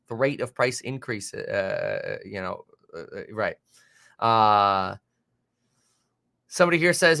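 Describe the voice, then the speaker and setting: A man hosting a live market stream, reading viewer comments aloud and reacting in an animated, exasperated, rambling way with many fillers. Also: fairly high pitch, a little slow, gravelly. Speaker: market livestream host.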